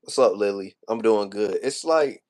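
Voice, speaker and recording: A man's voice: lowish voice, normal speed, darkish tone. A young man in his twenties rants casually to his livestream chat. He talks in loose slang, circles back over the same points and sounds emotional as he vents. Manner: casual slangy rant, repeats himself, emotional. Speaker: streamer.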